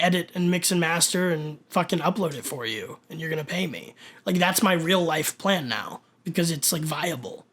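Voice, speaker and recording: High-voiced cursing podcast man. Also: fairly bright tone. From Kentucky. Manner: profane, rambling, emphatic. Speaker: podcast co-host. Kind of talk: casual chat.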